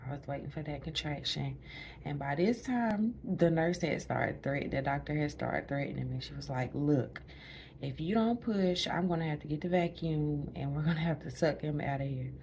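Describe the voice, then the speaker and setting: Recounting her birth story to camera from a hospital room, a new mother talks casually in a low, slightly mellow voice at a normal speed. She's chatty and laughs often, occasionally dropping almost to a whisper, while faint room noise hums in the background.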